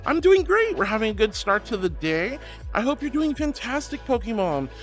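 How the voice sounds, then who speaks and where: A man's voice: extremely high pitch, big pitch swings, moderate pace, faint music behind. A man streaming live as a VTuber, reading out viewer messages and thanking them in a gushing, giggly way.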